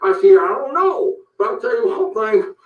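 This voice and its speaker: A man's voice: very high-pitched, big pitch swings, moderate pace. A man voicing a brash, crude self-styled cowboy sheriff in a comedic parody rant, boasting and making blustering threats. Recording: roomy, distant, dull lo-fi sound.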